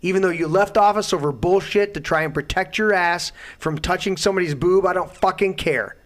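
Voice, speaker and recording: A man's voice: high voice, a little fast. A man hosting his own talk show, delivering an indignant, profane rant. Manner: loud, indignant, heavy swearing. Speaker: host.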